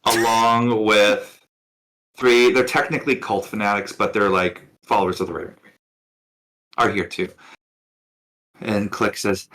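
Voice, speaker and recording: A man runs a tabletop game as dungeon master. His voice is low and his narration is relaxed and chatty, with easy fillers. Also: measured pace, pauses often.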